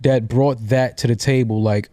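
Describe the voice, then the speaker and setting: A man's voice: mid-range voice, fairly even intonation, normal speed, warm tone, no echo. A man co-hosting a podcast, speaking plainly in casual conversation and backing up his partner with short agreements. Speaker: podcast co-host.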